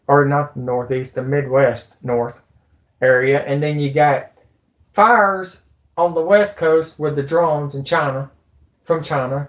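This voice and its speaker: A man's voice: a little high, echoey room. Agitated man ranting to his viewers. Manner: agitated, rambling, swears freely, addresses viewers as folks and y'all. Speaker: conspiracy vlogger. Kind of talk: ranting livestream monologue.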